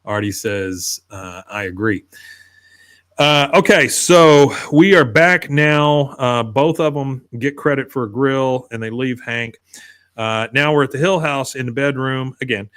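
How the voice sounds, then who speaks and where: A man's voice: mid-range voice, unhurried, fairly bright tone, clean tone. A man hosting a podcast, casually retelling scenes and briefly slipping into voices for the characters' lines. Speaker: podcast host. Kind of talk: casual recap chat.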